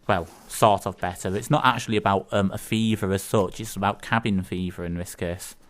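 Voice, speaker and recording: A man's voice: deep voice, fairly even intonation, fairly quick. A man co-hosting a casual community radio show, talking in a rambling, hesitant way with lots of ums, recorded in a studio. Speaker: radio co-host.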